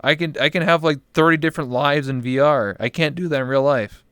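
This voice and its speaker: A young man talking casually as a guest, relaxed and trailing off quietly at the ends of his thoughts. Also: on the high side, a little fast, clean tone, no room sound, studio quality. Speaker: interview guest, streamer. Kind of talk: casual chat. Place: VR chat room.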